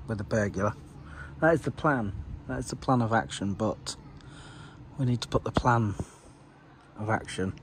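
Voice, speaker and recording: A middle-aged man chatting casually to camera in a family vlog, teasing his kids and pets. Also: slight background noise. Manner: chatty, teasing, lively swings into high sing-song voice with pets and kids. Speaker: vlogger, father. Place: home garden outdoors.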